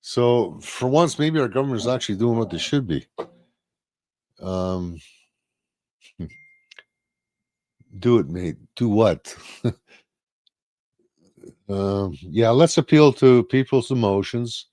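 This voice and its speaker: A man's voice: on the low side, lively intonation, slow, pauses often, warm tone, no echo, studio quality. A man co-hosting a casual live-stream talk show, blunt and profane, firing off rhetorical questions. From Canada.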